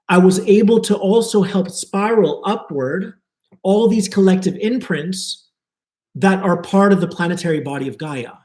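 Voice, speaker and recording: A man's voice: high-pitched, darkish tone, echoey room. A man giving a live spiritual talk to his viewers, earnest and flowing, repeating words for emphasis. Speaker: spiritual teacher.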